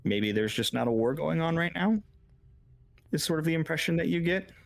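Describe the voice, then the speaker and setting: A man's voice: on the high side, lively intonation, normal speed, vocal fry. A man narrating as game master in a tabletop game, loose and full of fillers.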